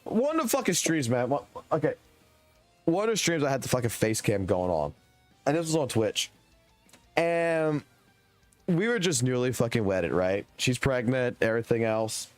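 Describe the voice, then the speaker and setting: A man's voice: mid-range voice, sing-song, normal speed, soft background music. A young adult man streaming live, telling a long, rambling story in casual chat and swearing heavily. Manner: profane, rambling, heated storytelling.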